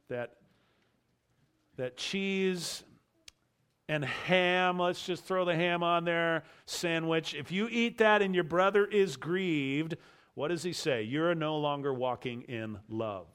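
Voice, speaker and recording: This man, a pastor from the United States, mixes Bible verse readings with a personal story in a conversational sermon. He speaks in a high-pitched, slightly bright, clean-toned voice.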